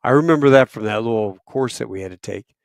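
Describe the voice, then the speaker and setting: A man in his fifties, a podcast guest telling a casual story, profane, with loud bursts and quiet asides. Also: medium pitch, quick pace, creaky, no room sound, clean studio sound.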